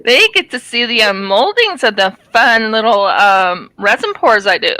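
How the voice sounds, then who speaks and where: Brief: chatty woman craft vlogger, rambling and casual, bright tone, dry close sound. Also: fairly high pitch, animated, measured pace, no echo, low-quality recording. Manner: rambling, chatty, many ums and restarts. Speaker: craft channel host. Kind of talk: casual chat while diamond painting.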